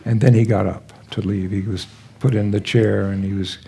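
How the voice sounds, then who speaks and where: An older man giving a gentle, halting talk at a spiritual gathering, sharing personal stories and reflections. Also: fairly low pitch, fairly even intonation, gravelly. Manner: gentle, halting, searching for words. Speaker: guest speaker at a spiritual gathering. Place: live talk to a gathered audience.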